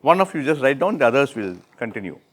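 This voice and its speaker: A man with an Indian English accent running an interactive classroom workshop, repeating and rephrasing students' answers with brisk praise. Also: medium pitch, very animated, a bit bright. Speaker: workshop instructor.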